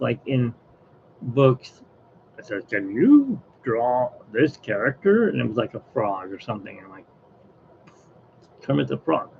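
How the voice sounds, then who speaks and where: A man's voice: medium pitch, vocal fry, darkish tone, dull audio, slight background noise. A man who hosts an art livestream, chatting in a rambling, opinionated way. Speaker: artist, livestream host. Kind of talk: casual livestream chat.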